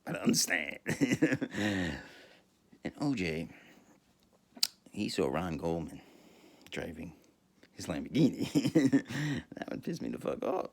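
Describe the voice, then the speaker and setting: A man's voice: deep voice, big pitch swings, slow pace, creaky, pauses often. A man, rambling through a crude comic monologue full of swearing and laughter. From New York, USA. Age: 50s. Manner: profane, laughing, rambling storyteller.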